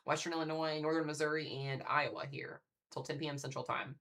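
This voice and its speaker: A fast-talking man runs a live storm-coverage stream from home, his voice bright and forceful. He chats eagerly and speaks directly to the people watching. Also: fairly high pitch. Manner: chatty, excitable, talks straight to viewers. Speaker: severe weather live streamer. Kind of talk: casual live weather commentary.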